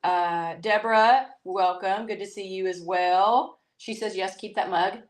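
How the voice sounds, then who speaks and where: A woman's voice: medium pitch, fairly even intonation, measured pace. Southern woman, chatty live-stream co-host, lots of filler words, echoey room. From East Tennessee. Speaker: co-host of a livestream. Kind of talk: casual live chat, greeting viewers.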